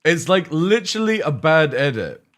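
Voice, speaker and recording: A man's voice: a little high, very animated, normal speed, fairly bright tone. Chatty English man streaming a game. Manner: rambling, chatty, swears freely, talks to chat. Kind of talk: casual live-stream chat.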